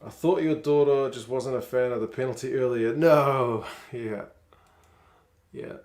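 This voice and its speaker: A man's voice: medium pitch, unhurried, darkish tone. A man, chatting casually on a live stream while watching rugby and reading out viewer comments.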